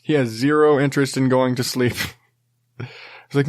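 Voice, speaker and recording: Rambling thirties dad, mid-pitch, dry sound. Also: male voice, fairly even intonation, moderate pace, no echo. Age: 30s. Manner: rambling and self-deprecating, laughs and swears often. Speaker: podcast host. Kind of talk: casual solo chat.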